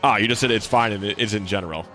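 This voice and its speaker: A man's voice: on the low side, very fast, bright, forceful tone. A young man giving casual, rambling commentary while streaming a video game, with lots of fillers and restarts. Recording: faint game music behind.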